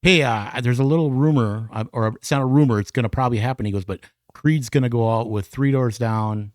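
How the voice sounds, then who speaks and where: A man's voice: mid-range voice, a little fast, dry recording. A man swaps promoter stories on a casual podcast, acting out both sides of his phone calls. His voice sits in the middle range and is recorded close and dry, with no room sound. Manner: animated storyteller, acts out phone calls. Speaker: podcast guest, concert promoter. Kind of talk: casual bar podcast chat. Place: podcast studio.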